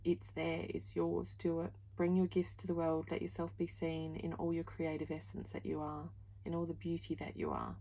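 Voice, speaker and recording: A woman's voice: deep voice, normal speed, vocal fry, mellow, low-quality recording. A woman giving a pick-a-card tarot reading, gushing and heartfelt, full of "like" and "you know", moved close to tears. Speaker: tarot reader.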